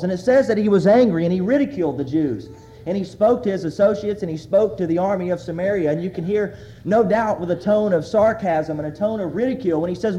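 High-voiced pastor preaching in lo-fi. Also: male voice, dark tone. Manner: earnest preaching, reads scripture aloud with emphasis. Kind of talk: sermon.

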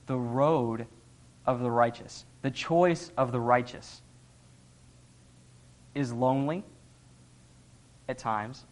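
A young man giving an earnest, conversational sermon, laughing often as he talks. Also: mid-range voice. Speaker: lay preacher.

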